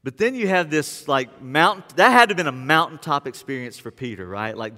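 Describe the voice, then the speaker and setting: A man preaching a sermon as pastor, telling the story in lively casual words and retelling scenes as he goes. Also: a little high, moderate pace, in a large hall.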